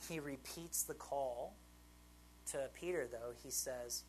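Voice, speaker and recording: A man's voice: medium pitch, takes it slowly, a little mellow, slight background noise, rough recording. A man preaching a sermon in an informal, conversational way, often checking in with his listeners. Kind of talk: conversational Bible teaching.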